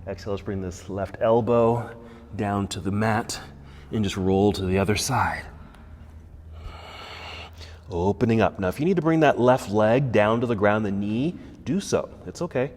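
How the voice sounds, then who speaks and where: A man leading a guided yoga class, giving calm, encouraging cues about posture and breathing. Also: fairly low pitch, moderate pace, in a large hall, slight background noise. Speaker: yoga instructor. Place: yoga studio.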